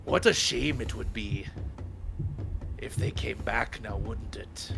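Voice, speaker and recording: A man voicing a menacing undead male pirate captain who taunts in pirate slang, with a gravelly voice. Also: lowish voice, takes it slowly, noisy background, full character voice. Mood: taunting.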